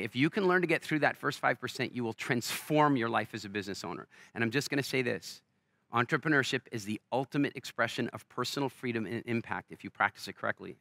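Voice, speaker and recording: Energetic man giving a stage talk. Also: medium pitch, no room sound, clean studio sound. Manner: energetic storyteller, acts out quoted voices. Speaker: keynote speaker. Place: large festival stage.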